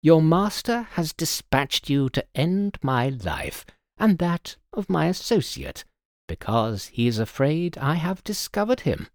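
A man's voice: a little high, very animated, unhurried, dry recording, clean studio sound, voice pushed up. A man voicing a brilliant older male detective who explains in a precise, authoritative way. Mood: assured.

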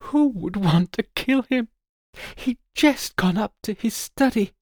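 A man voicing a distraught young noblewoman who pleads in a high, sobbing voice in an audiobook. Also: lively intonation, a little slow, a little mellow, dry recording, clean studio sound. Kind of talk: audiobook character voice.

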